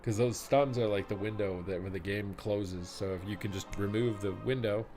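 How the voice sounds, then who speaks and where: A man's voice: on the low side, moderate pace, soft background music. A man casting a live esports broadcast, chatting with the stream chat and calling the action play by play. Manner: excitable, chatty, reads out chat. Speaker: esports caster. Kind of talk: live game commentary.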